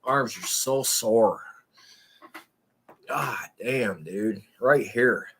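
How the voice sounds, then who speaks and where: A man's voice: medium pitch, very slow, fairly bright tone, husky. A man live streaming and chatting casually with his viewers, rambling in a crude and profane way.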